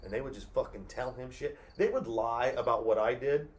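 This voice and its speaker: A man on a casual podcast, telling stories in a loose, rambling way and swearing freely. His voice sits at an ordinary pitch, and faint crickets chirp in the background. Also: fairly quick. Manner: rambling, swears a lot, acts out family quotes. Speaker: podcast co-host. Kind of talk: casual profane chat.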